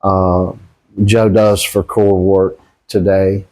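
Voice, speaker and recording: A man coaching a boxing workout, talking casually in a halting way. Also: sits low, flat delivery, darkish tone. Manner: halting, with fillers and restarts. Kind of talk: casual talk during a training session.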